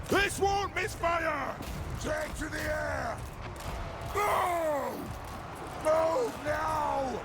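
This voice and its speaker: A gruff dwarf warrior barking battle orders in a strategy game, every line a short, high shout of vengeance. Loud battle noise rolls behind the voice the whole time. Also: male voice, exaggerated voice. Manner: barked battle cries and orders. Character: shouting male dwarf soldiers, fierce and vengeful. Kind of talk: game unit voice lines.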